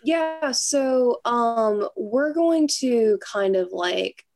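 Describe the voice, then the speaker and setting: A woman's voice: on the high side, animated, very slow, darkish tone. A woman musician chatting in an interview, talking loosely with lots of fillers and frequent laughs. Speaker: musician guest. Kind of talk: casual interview chat.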